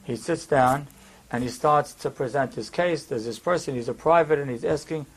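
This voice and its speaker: Male preacher, high voice, conversational sermon storyteller. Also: moderate pace, breathy edge. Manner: conversational, with fillers and asides.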